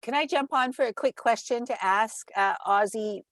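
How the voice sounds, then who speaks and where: A woman's voice: a little high, moderate pace, fairly bright tone, dry recording. A woman on a video-call panel jumping in with a curious question.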